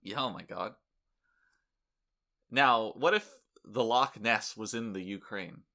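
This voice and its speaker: A man's voice: fairly low pitch, slow pace, creaky. A man co-hosting a podcast, chatting casually with dry, joking delivery. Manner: deadpan joking, playful bits. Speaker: podcast co-host. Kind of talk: casual comedic chat.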